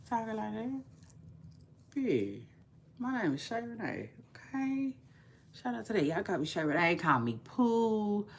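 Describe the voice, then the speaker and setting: A woman's voice: medium pitch, sharp tone. A woman vlogger chatting casually about celebrity gossip, repeating phrases and drawling her asides.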